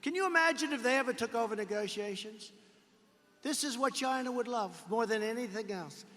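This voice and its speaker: A man's voice: very high voice, fairly quick, a bit bright. A man giving a political rally speech in an emphatic, repetitive way, with sarcastic asides. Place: large rally arena. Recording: long reverb from a large arena.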